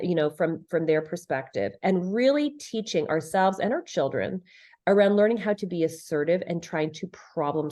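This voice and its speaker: This middle-aged woman has a mellow voice on the low side. As a leadership and relationship expert guesting on a conversational podcast, she talks earnestly and emphatically, repeating phrases for stress and performing quoted lines.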